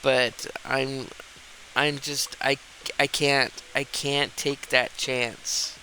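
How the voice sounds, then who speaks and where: Bright-voiced man chatting slowly. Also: mid-range voice, little pitch movement, slight background noise, low-quality recording. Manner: rambling storyteller, restarts, frequent laughs. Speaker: gameplay streamer. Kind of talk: casual gameplay chat.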